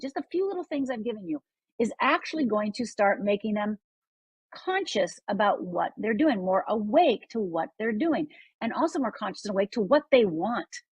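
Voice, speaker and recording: A woman's voice: a little high, breathy edge, no room sound, rough recording. A woman guest on a radio talk show, explaining advice and acting out little conversations in different voices. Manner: animated, acts out little dialogues with voices. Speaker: guest speaker, life coach.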